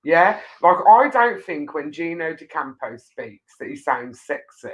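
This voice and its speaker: A woman's voice: low-pitched, sing-song, measured pace, lo-fi sound. A woman hosting a casual live chat show, reading viewer comments and trading giggly, teasing banter. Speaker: host.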